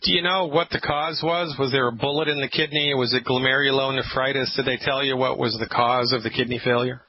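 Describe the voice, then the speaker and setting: Emphatic male radio host, dramatic pauses. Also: mid-range voice, fairly even intonation. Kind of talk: call-in radio health talk. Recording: slightly dull radio audio with faint hiss.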